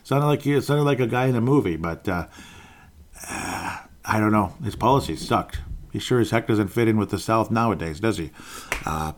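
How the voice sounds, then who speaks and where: Rambling middle-aged guy ranting about politics, lowish voice, keeps chuckling. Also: lively intonation, normal speed, a little hiss or hum. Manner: rambling, opinionated, chuckles often. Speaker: political commentator. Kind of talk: casual political monologue.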